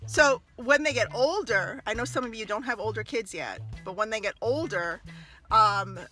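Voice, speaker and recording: A woman talking casually to camera as a mother and former early childhood teacher, animated and laughing often as she acts out little scenes. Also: a little high, moderate pace, soft background music. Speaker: mother giving parenting tips. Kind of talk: casual advice vlog to camera.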